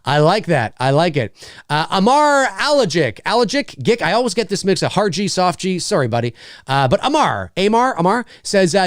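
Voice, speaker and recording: A man's voice: high-pitched, sing-song, a little fast, no room sound. A man hosting a casual livestream from a home studio, rambling and joking as he reads viewer comments on a studio mic. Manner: rambling, joking, lots of fillers. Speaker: livestream host. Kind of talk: casual live chat reading comments.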